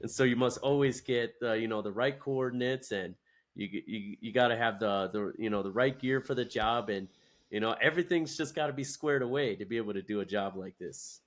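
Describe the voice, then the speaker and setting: A man's voice: mid-range voice, brisk. Hesitant young man telling his story. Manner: hesitant, many restarts and fillers. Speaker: guest. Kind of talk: casual chat.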